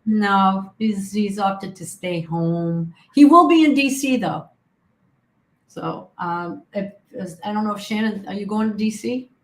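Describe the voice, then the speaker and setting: A woman guest in a casual podcast chat, chiming in with quick friendly reactions and soft asides. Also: medium pitch, expressive, reverberant.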